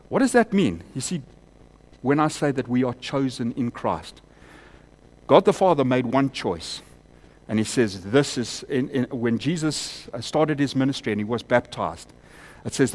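Preaching man, loud peaks, quiet appeals. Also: mid-range voice, expressive, normal speed. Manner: rises to loud emphatic peaks, then drops to quiet, intimate appeals. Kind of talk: sermon.

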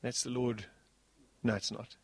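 A man preaching a sermon as pastor, animated, swinging between soft passages and loud bursts. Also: mid-range voice, unhurried, creaky, slightly rough.

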